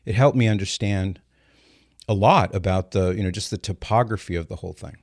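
Older male radio host, animated storyteller, lowish voice, dry close mic. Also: fairly quick, no room sound. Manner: lively storyteller, explains step by step. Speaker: radio host answering callers. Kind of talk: call-in radio talk.

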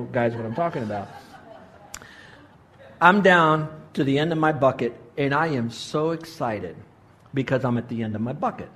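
A man in his sixties preaching a sermon, telling a story with animated delivery and acted-out quotes. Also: a little hiss or hum. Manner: animated storytelling, voices quotes with big pitch jumps. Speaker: pastor.

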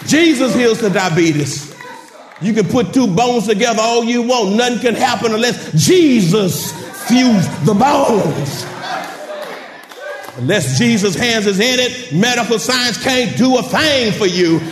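A male preacher with a high voice that swoops all over its range, delivering a sermon in a long-echoing church hall. He calls out to his congregation with laughing asides and climbs into shouted, sing-song peaks. The sound reaches the mic from a distance, washed in reverb. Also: lively intonation, measured pace, some chatter behind, a little hiss or hum.

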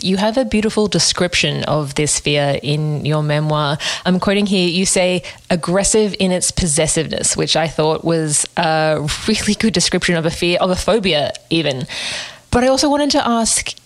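A woman's voice: fairly low pitch, normal speed. A woman interviewer asking an author about her memoir in a thoughtful, appreciative way. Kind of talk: interview questions.

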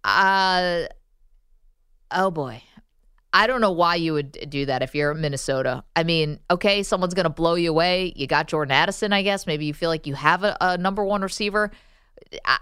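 A woman co-hosting a sports talk show, needling her partner with teasing, sharp comebacks. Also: fairly low pitch, clear, resonant tone, no echo, studio quality. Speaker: sports radio co-host. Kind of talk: casual sports debate.

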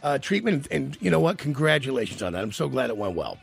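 A man's voice: medium pitch, sing-song, quick pace, creaky, husky, no room sound, soft background music. A man hosting a casual interview, asking rambling, conversational questions. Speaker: radio host.

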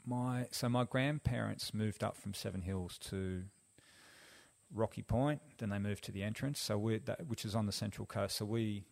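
Australian man, guest, low gravelly voice, animated storyteller. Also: normal speed. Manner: animated, acts out quoted dialogue. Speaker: guest, former rugby league player. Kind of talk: casual storytelling.

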